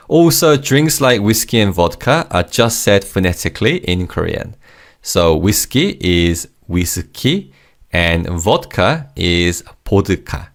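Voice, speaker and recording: Male teacher, low voice, animated delivery, patient and encouraging, repeats words for practice. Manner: patient, repeats each word twice, praises the learner. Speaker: language teacher. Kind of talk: scripted vocabulary lesson.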